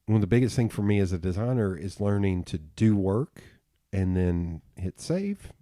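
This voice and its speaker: Low-voiced man, casual podcast host. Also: moderate pace, dry recording, studio quality. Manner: animated storyteller, acts out quotes with jumps in pitch. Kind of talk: casual interview chat.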